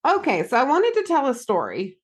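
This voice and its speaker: Her high voice has a breathy edge, and she talks fairly quickly. An American therapist who hosts a podcast, she spins a story in relaxed conversation, acting out the quoted lines with animation.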